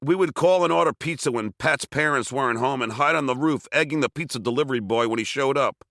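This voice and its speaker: A man from Long Island reading his own memoir aloud, telling it with wry, self-mocking humor and bursts of shouted dialogue. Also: medium pitch, fast talker, gravelly, no echo, studio quality. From Long Island, New York. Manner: wry, self-mocking comic storytelling with sudden shouted quotes. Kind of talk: audiobook memoir narration.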